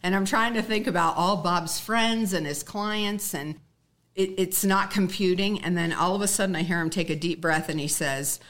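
A woman's voice: fairly low pitch, normal speed, a bit bright. A woman guest telling a personal story in earnest, acting out the dialogue she quotes.

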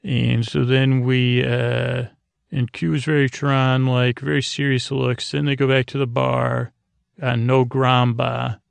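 Gravelly, drowsy man retelling a story. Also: medium pitch, monotone, no echo. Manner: meandering, halting, many fillers. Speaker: podcast host. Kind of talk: sleepy bedtime episode recap.

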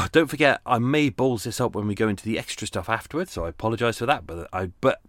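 A man's voice: mid-range voice, lively intonation, fast, no room sound, studio quality. A man hosting his podcast in a casual, rambling, self-deprecating chat with many restarts. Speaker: podcast host. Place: at home on a boat.

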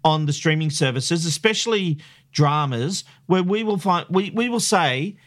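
A man hosting a radio panel chat, leading the talk with survey figures in a lively manner. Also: fairly high pitch, normal speed. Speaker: radio host.

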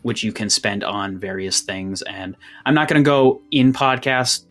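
A man's voice: fairly low pitch, measured pace, a bit bright, soft background music. Intense man narrating a tabletop game. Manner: intense second-person narration, then loose chatty rules talk. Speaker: game master.

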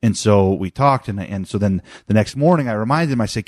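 A man's voice: fairly low pitch, a little fast, a little mellow, no room sound, clean studio sound. A man in his thirties chatting casually about his son, rambling with many restarts and fillers. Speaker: father telling a family story. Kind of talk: casual chat.

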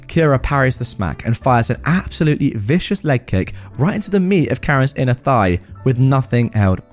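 A man reads a story aloud for his podcast in a mid-range voice. His delivery swings widely up and down in pitch. Quiet music plays underneath. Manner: expressive, animated reading.

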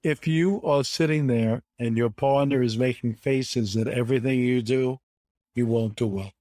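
A man's voice: medium pitch, moderate pace, mellow, no room sound. An older man, a guest in an interview, telling anecdotes in an emphatic way and repeating words for stress. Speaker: bridge player guest.

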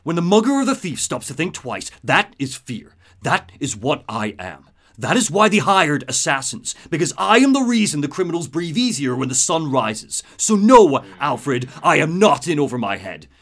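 A man's voice: on the high side, sing-song, normal speed, fairly bright tone, exaggerated voice. A man voicing a grim young male vigilante who declaims intensely and defiantly.

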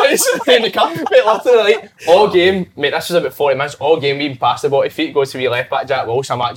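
A man's voice: on the high side, brisk, hardly any pauses, a crowd in the background. A young Scottish man, a football manager, telling stories in casual chat and laughing through them. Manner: animated storyteller, laughs through anecdotes.

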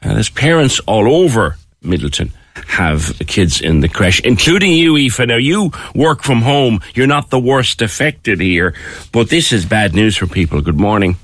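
A man's voice: on the low side, animated, normal speed, dry recording. A man with an Irish accent hosting a radio phone-in show, speaking in a direct, conversational way.

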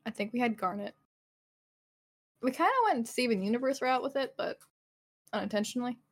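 A woman's voice: on the high side, brisk. A woman chatting casually on a livestream podcast, playful and giggly, often stumbling into restarts. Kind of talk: casual chat.

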